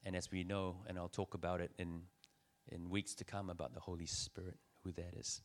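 A man's voice: low-pitched, little pitch movement, fairly quick. A man preaching a conversational sermon, joking with his listeners and building in energy. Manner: conversational preaching, teasing the audience, rising energy.

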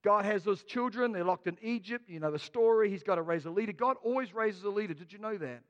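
A man's voice: sits high, fast, big-room sound, muffled recording. A man with a New Zealand accent preaching a sermon as a pastor, telling stories with jokes. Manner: storytelling, jokey, lively.

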